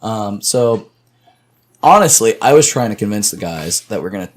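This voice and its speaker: A man's voice: on the low side, lively intonation, moderate pace. A man hosting a casual podcast, joking with friends, laughing often and restarting his sentences. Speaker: podcast host.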